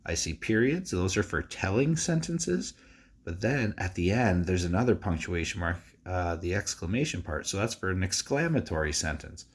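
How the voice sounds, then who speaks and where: A male teacher giving a recorded lesson to young students. He talks in a relaxed, chatty way with many fillers and reads a sample aloud with exaggerated expression. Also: low voice, moderate pace, slightly rough.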